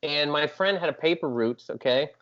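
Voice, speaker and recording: A man guest on a podcast, telling stories in a casual chat, animated and self-mocking. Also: on the high side, moderate pace, lo-fi sound.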